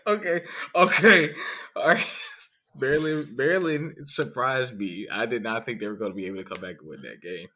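A man co-hosting a podcast who reacts excitably to football scores and laughs a lot. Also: medium pitch, normal speed, a little hiss or hum. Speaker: podcast co-host. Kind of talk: casual sports chat.

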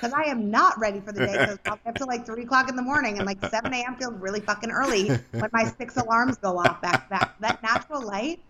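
A young woman co-hosting a podcast, chatting casually in a loud, energetic way. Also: a little high, quick pace, few pauses, rough recording. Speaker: podcast co-host. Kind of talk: casual chat.

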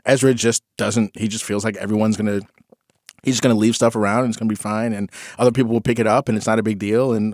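A man in casual conversation, musing reflectively and recounting a story about his kids, getting animated when he quotes them. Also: lowish voice, quick pace, no echo, studio quality. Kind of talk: casual chat.

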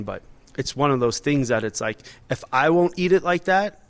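A man's voice: mid-range voice, fairly quick. A man in his forties, a restaurant owner and chef, talking casually and animatedly in an interview, with many fillers and restarts.

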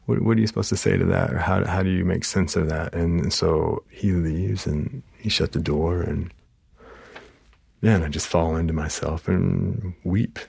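A man, a therapist, telling an emotional story from a session, halting with many fillers and restarts. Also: deep voice, fairly even intonation, creaky, darkish tone, breathy edge, no room sound. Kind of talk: personal storytelling.

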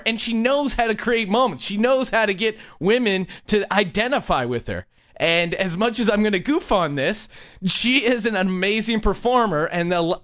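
Male talk host with a high, bouncy voice, playful and mocking, lo-fi audio. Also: a bit bright. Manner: playful, mocking, laughs often. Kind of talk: comedic commentary on clips.

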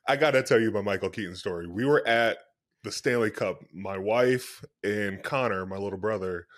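A man hosting a podcast, telling a story in a casual, animated way and laughing as he talks. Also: on the low side, normal speed. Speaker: host.

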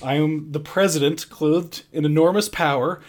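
A man briefly playing a commanding nineteenth-century president, declaiming in a raised, higher voice. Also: steady tone, moderate pace, close to an everyday voice. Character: commanding 19th-century male president, stern.

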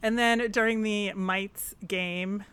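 Woman, sports chat co-host, upbeat, chatty, laughs easily, smooth clear voice, dry sound. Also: medium pitch, steady tone, takes it slowly, a bit bright, no echo. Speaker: podcast co-host.

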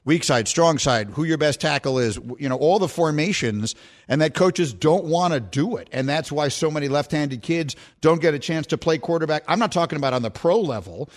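Lively-pitched rambling sports radio host. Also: male voice, a little fast. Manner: rambling, easily sidetracked, joking. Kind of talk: casual sports talk.

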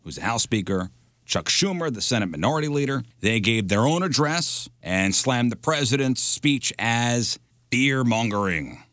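Wry, lively-voiced male radio host. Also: mid-range voice, normal speed, dry recording, clean studio sound. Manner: wry, joking, reads news items aloud. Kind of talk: casual radio chat.

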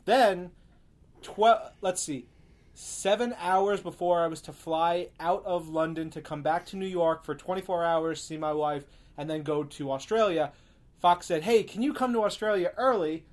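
Guy hosting a podcast, chatty and jokey, voice sits a bit high. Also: moderate pace. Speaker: podcast host. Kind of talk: casual chat.

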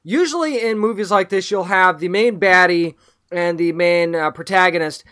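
A man co-hosting a podcast, chatting casually and enthusiastically about a movie he liked. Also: sits high. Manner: enthusiastic, animated, quick restarts. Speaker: podcast co-host. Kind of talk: casual movie review chat.

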